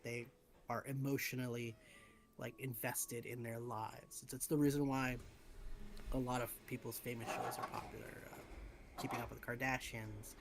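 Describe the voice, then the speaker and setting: A man's voice: mid-range voice, level tone, normal speed, noisy background. A man co-hosting a casual podcast, telling stories in a blunt, profane way. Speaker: podcast co-host.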